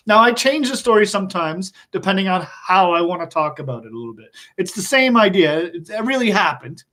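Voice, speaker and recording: A male teacher telling a story in a public speaking lesson, animated, often laughing and asking his listeners questions. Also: sits high.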